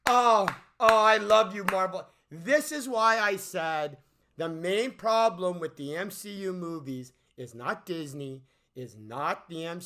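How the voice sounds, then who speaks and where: A man's voice: fairly high pitch, bright, forceful tone. A man giving an unscripted movie review rant, exasperated and profane, often stammering and restarting his sentences, with mocking sarcastic asides.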